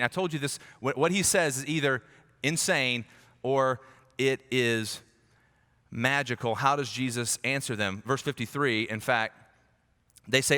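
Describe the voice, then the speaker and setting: A man preaching a conversational, animated sermon as a pastor, acting out quoted voices. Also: mid-range voice, unhurried, long pauses. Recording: long hall reverb.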